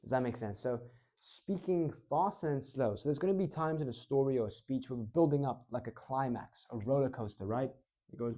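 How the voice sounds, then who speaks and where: A man coaching public speaking in a casual teaching talk, swinging between excited and slow, low delivery. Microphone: clip-on mic.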